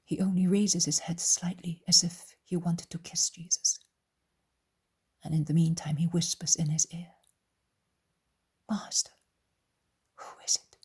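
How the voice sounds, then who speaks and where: A woman narrating an audiobook in a soft, hushed, mostly whispered voice. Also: lowish voice, level tone, moderate pace, breathy edge. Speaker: audiobook reader.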